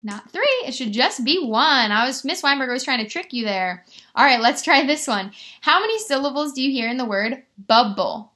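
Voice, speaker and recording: A woman teacher giving a remote lesson to young children, stretching words out slowly and encouraging them. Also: high voice, sing-song, sharp tone. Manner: slow, exaggerated word-stretching, encouraging.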